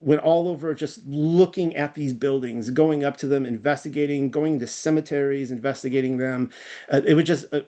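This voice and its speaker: A man's voice: fairly high pitch, a little mellow. Rambling Californian man, casual chat. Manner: rambling, self-deprecating, many fillers and restarts. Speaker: podcast guest.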